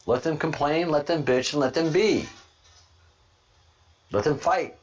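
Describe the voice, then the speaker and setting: A man from Ireland hosting a podcast, talking casually in an animated, rambling way and laughing often. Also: on the high side, unhurried. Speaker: podcast host. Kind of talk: casual monologue. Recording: dull lo-fi recording.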